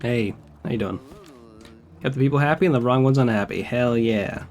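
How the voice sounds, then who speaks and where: A man's voice: medium pitch, moderate pace, a little mellow, soft background music. A man streaming a video game, talking casually with wry, profane remarks. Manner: profane, wry and laid-back. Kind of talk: casual gameplay commentary.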